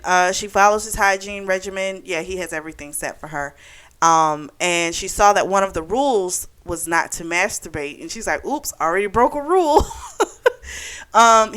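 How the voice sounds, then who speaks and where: A woman's voice: on the low side, moderate pace, fairly bright tone, clean tone. Chatty woman recapping a book. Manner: chatty, full of "like" and "you know". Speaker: book club vlogger.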